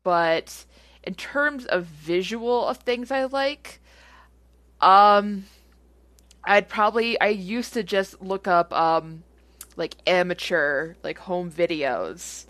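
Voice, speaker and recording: A woman's voice: fairly low pitch, slow pace, a bit bright, dry recording. A woman chatting casually as she answers listener questions. She rambles with lots of fillers and giggles. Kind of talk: casual chat.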